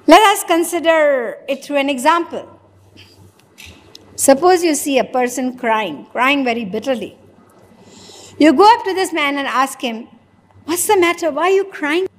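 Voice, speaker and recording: A spiritual teacher with an Indian English accent speaks in a high, clear woman's voice. She questions her listeners and voices both sides of imagined exchanges. The sound carries a long reverb, as in a large hall. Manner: questioning, acts out dialogues with listeners. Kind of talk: religious discourse.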